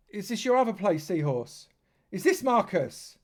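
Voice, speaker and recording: A man's voice: high-pitched, sing-song, moderate pace. A man from London, giving chatty live commentary on a game stream and joking with dry sarcasm. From London, England.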